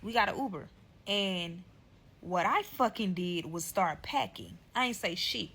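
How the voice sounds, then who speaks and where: A woman's voice: on the low side, animated, unhurried, fairly bright tone, a little hiss or hum. A young woman telling a story time vlog, profane and emphatic, acting out quotes. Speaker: storyteller in a clip.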